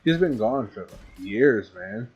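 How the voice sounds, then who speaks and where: Low-voiced man teasing a friend. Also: animated, a little slow, darkish tone, slightly rough, highs cut off, faint music behind. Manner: teasing, offhand banter. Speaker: fellow player. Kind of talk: casual gaming chat.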